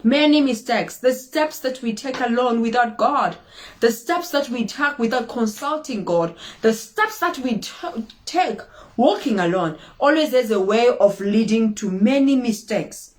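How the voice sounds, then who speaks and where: A woman's voice: a little high, animated, a little slow. A woman hosting an inspirational talk, speaking with emphatic repetition and acting out dramatic quotes. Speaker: inspirational show host.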